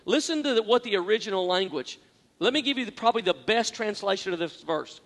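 A male pastor delivers a sermon in a strikingly high voice. He is earnest and pokes fun at himself, hammering phrases through repetition and moving from hushed to loud. His words ring out with the long reverb of a large church hall. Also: lively intonation, quick pace. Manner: earnest and self-deprecating, repeats phrases for emphasis, swings from quiet to loud.

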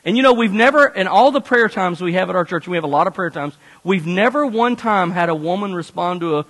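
A male pastor preaching a sermon with animated storytelling and playful asides to the congregation. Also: high voice, fast, big-room sound, low-quality recording.

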